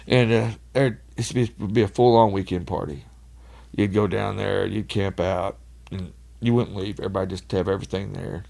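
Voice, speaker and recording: Gravelly man spinning wild stories. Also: lowish voice, fairly even intonation, fairly quick. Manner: rambling, laughs often, loud when acting out others. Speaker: podcast guest. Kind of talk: casual storytelling chat.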